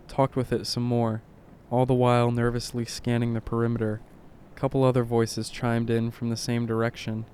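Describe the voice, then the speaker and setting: A man reading a horror story aloud in short clipped lines, keeping his voice low and subdued. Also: completely flat delivery, moderate pace, a little mellow, slight background noise. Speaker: narrator.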